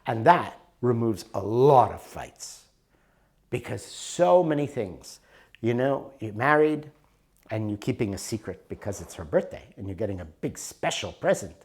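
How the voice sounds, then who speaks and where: A man's voice: lowish voice, very animated, measured pace, darkish tone. A middle-aged man teaching a workshop in a conversational, storytelling way with rising and falling emphasis. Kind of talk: recorded workshop talk.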